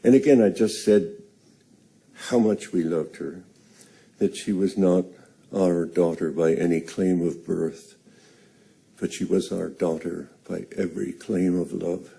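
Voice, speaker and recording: An older man slowly telling a personal story on stage, halting and earnest. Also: low voice, steady tone, vocal fry, mellow, breathy edge.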